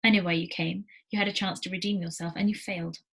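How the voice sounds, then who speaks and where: A woman's voice: fairly low pitch, steady tone, quick pace, gravelly, a bit bright, husky, full character voice. A woman reading as a scornful rebel leader woman. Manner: cold, scornful, commanding. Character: stern woman leader of the banished.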